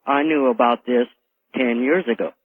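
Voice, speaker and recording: A man calls in to a radio show, speaking quietly and hesitantly with a few fillers. His voice comes through a thin, tinny phone line. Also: mid-range voice, steady tone, normal speed, no room sound. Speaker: caller.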